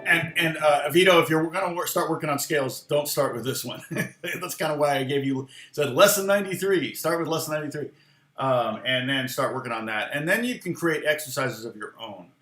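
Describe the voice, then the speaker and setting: An American man talks through a relaxed guitar lesson from his home studio. He rambles and stops often to answer viewers' comments. The room sounds echoey, with some guitar in the background. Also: on the high side, fairly quick. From United States. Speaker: guitar teacher. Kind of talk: casual livestream guitar lesson.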